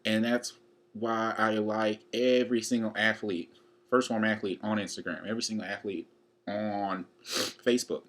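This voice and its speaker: A man's voice: on the low side, steady tone, normal speed, a bit bright. A young man in his twenties, chatting casually and rambling to camera in a fitness vlog. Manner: rambling and chatty, with many fillers. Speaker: college student vlogging a fitness challenge.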